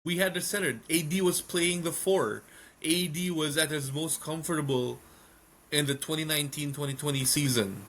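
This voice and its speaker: A man's voice: on the high side, fairly even intonation, normal speed, fairly bright tone. Agreeable man chatting on a sports podcast. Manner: agreeable, frequent short affirmations, then earnest explanations. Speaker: podcast co-host. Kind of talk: casual sports podcast chat.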